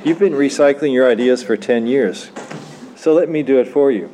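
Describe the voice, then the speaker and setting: A man's voice: medium pitch, normal speed, mellow, slight background noise, close to an everyday voice. A man reading as a smug, slick AI clone. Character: smug, glib male AI clone avatar. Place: church literary evening.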